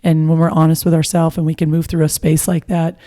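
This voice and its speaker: A woman from Hawaii and California, a mental skills coach, talking as a podcast guest in an animated, casual way. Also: low voice, fairly quick. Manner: energetic, animated, frequent fillers and laughs. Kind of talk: casual conversational storytelling.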